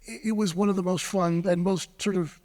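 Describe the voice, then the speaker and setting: High-voiced dealer telling a story. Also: male voice, fairly even intonation, a little fast, darkish tone. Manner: anecdotal, with fillers and throat clearing. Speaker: antiques dealer. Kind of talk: panel discussion storytelling. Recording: long reverb of a large hall.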